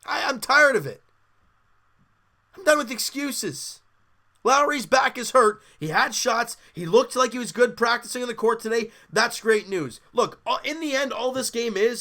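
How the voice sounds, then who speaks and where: A sports podcast host with a high-pitched, sharp voice breaks down a live basketball game like a fan. His casual commentary is candid and exasperated.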